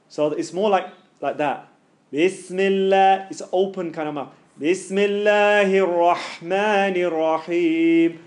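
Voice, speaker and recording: A man teaching a tajweed class in a casual, joking way, stretching out sounds slowly and loudly to demonstrate them. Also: a little high.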